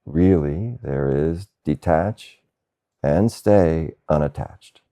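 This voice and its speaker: Male spiritual teacher, satsang talk: very low, gravelly voice, unhurried gentle delivery with soft laughs. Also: faint music behind. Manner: slow, gentle, with soft laughs and questioning "huh?". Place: Asheville, North Carolina.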